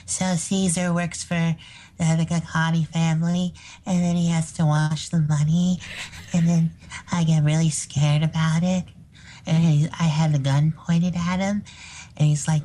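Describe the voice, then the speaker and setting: A man doing an impression of a breathy, girlish-sounding actress, telling a crime story. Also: on the high side, level tone, measured pace, mellow, close to an everyday voice, poor audio. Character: impression of a breathy, high-voiced actress telling a gangster tale.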